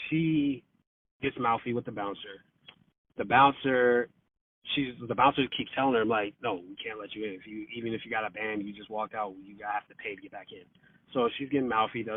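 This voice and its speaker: Man telling a story over a tinny phone line. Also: lowish voice. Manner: swears freely, many fillers, acts out quotes. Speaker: podcast guest. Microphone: phone call.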